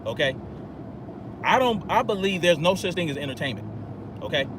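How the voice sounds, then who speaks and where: A man's voice: fairly high pitch, animated, normal speed. Agitated man ranting over street noise. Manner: agitated, profane, rambling. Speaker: podcast host. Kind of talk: ranting monologue.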